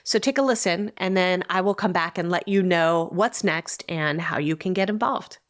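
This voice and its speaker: Podcast host, woman, slightly low voice, easygoing storyteller. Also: moderate pace. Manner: friendly, storytelling, animated when joking. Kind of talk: casual podcast chat.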